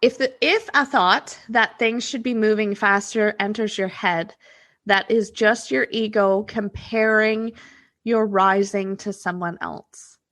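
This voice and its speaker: A woman's voice: medium pitch, steady tone, measured pace, fairly bright tone. A woman hosting a casual solo podcast, reading oracle cards and talking through her thoughts with lots of fillers. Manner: thinking aloud, many fillers. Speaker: podcast host and manifestation coach.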